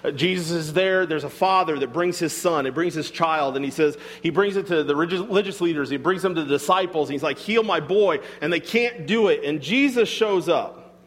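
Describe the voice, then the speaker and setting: A man's voice: fairly high pitch, fairly quick, a bit bright. A man preaching a sermon as pastor, earnest and emphatic, repeating phrases for weight in a church sanctuary. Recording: long hall reverb.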